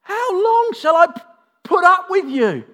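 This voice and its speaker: A man voicing an exasperated male teacher who cries out at his followers, loud and drawn out. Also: big pitch swings, a little slow, exaggerated voice. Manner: loud, drawn out, high-pitched exclamation.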